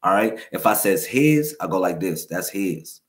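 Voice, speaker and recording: A man hosting a livestream, giving a loose, repetitive spiritual teaching full of slang and shout-outs to viewers. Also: low-pitched, sing-song, moderate pace. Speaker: livestream host.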